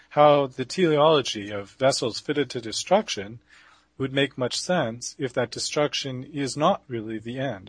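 A man arguing a debate rebuttal in a gravelly, husky voice. He pauses often, filling gaps and restarting phrases as he thinks. The recording is dry and close. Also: medium pitch, dry recording. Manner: hesitant, many fillers and restarts.

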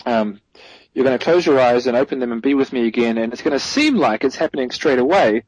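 A man's voice: medium pitch, animated, fast talker, dry recording, rough recording. A man as a guest theologian, giving a thoughtful explanatory answer in an interview, correcting himself as he goes and stressing key points.

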